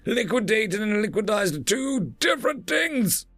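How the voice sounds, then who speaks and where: A man voicing a pompous, hot-tempered male alien priest who barks raspy commands. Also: on the high side, big pitch swings, unhurried, no echo, soft background music, pitched above the performer's own voice, full character voice. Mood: furious. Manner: shouting, commanding.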